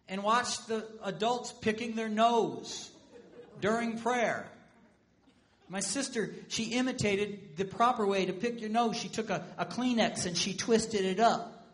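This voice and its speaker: High-voiced male pastor preaching. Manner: animated storytelling with humor. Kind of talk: sermon.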